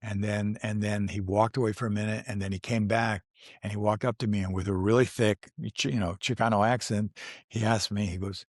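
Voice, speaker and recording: Man in his sixties, lowish voice, dry close sound, rambling storyteller, laughs often. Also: steady tone, brisk, no room sound. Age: 60s. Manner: rambling, restarts often, laughs while telling stories. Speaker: actor guest. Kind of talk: casual storytelling interview.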